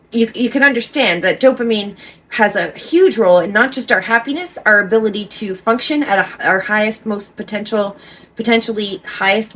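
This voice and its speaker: A woman's voice: mid-range voice, a bit bright, a little hiss or hum. A middle-aged woman talking casually to camera as a vlogger, rambling with restarts and often checking in with "okay?".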